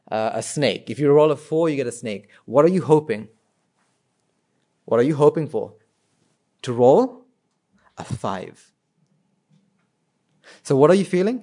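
A man's voice: mid-range voice, a little mellow. A man giving an informal talk, asking his listeners rhetorical questions and often restarting his sentences. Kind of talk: informal spoken talk to an audience.

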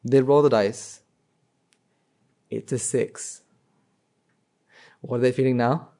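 A man's voice: medium pitch, steady tone, slow pace, warm tone. A man with a mid-range voice giving an informal talk. He keeps asking his listeners rhetorical questions and answers them himself. He often stumbles and restarts his sentences. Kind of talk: informal spoken talk to an audience.

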